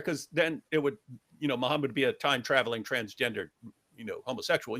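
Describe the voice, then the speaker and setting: Husky, bright, and forceful, this man's medium-pitched voice swings widely in pitch at a quick pace. As co-host of a debate review show, he offers casual, sarcastic commentary, mimicking opposing arguments in an exaggerated way and emphatically repeating phrases to drive his point home.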